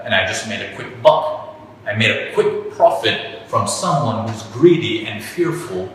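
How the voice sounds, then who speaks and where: A man teaching trading in an animated way, often repeating himself and acting out examples, recorded from a distance in an echoey hall. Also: lowish voice, unhurried, slight background noise. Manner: energetic, repetitive, acts out examples. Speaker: trading instructor.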